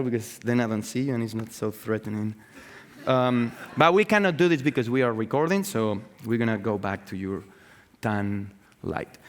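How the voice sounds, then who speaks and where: Profane, excitable man in a reverberant hall. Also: fairly low pitch. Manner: profane, excitable, full of fillers and restarts. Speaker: artist giving a talk. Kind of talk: live conference talk. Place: event hall with audience.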